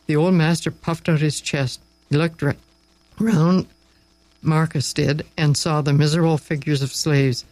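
A man narrating a story aloud, expressive and dramatic, with slow pauses for effect. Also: fairly high pitch, no echo, rough recording.

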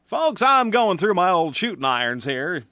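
A man's voice: high-pitched, very animated, moderate pace, sharp tone, no room sound, studio quality, heavily acted. A man playing a folksy country fellow in a radio ad, talking to the listeners and scolding a sidekick. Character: folksy country man sorting old guns.

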